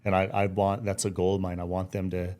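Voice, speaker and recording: A middle-aged man with a low-pitched voice gives a heartfelt interview. His tone is warm and mellow. He talks earnestly, slightly teary, and often stops and restarts his sentences. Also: monotone, fast talker. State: teary-eyed. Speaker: podcast guest. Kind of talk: emotional interview.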